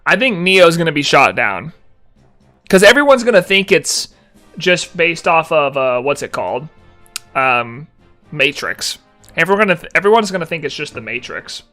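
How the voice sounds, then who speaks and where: Soft, faint music sits beneath this casual live stream, where a young man with a high, bright voice reads out messages from chat and answers them. He's very animated and talks at a normal speed, putting on a playful, mock-annoyed tone.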